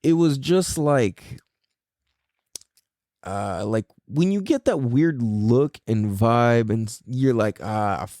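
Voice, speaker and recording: A man's voice: mid-range voice, animated, slow pace, warm tone, no echo, clean studio sound. Rambling, slangy man telling a story. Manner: rambling, slangy, heavy on fillers and swearing; mimics people in quoted voices. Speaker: podcast host. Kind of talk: casual storytelling.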